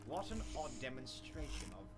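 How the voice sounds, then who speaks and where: A man's voice: a little high, animated, moderate pace, natural voice. A man voicing a large, jovial, scheming union boss in a video game, overly polite and insistent. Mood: courteous. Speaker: game character. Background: loud game music.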